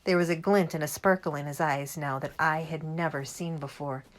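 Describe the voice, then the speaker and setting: Woman audiobook reader, lowish voice, calm and measured. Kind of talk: audiobook reading.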